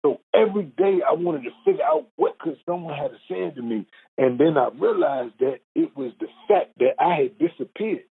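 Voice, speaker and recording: Guest storyteller, man, husky mid-pitched voice, earnest, stumbles over repeated words when moved, phone-quality sound. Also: expressive, moderate pace. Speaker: guest telling his life story. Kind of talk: emotional personal storytelling. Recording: phone-like narrow band.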